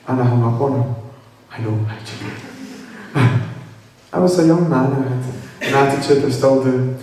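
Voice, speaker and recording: A man's voice: mid-range voice, normal speed, recorded from a distance. Young man telling a story in an echoey hall. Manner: lively, humorous, acts out quoted dialogue. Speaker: speaker telling his story to an audience. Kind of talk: storytelling talk. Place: hall with audience.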